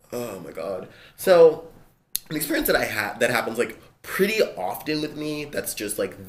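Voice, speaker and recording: A gender-fluid vlogger with a man's voice, ranting to camera in a casual, animated and exasperated way, swearing often. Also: fairly low pitch, slight background noise. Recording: echoey room with faint ambience.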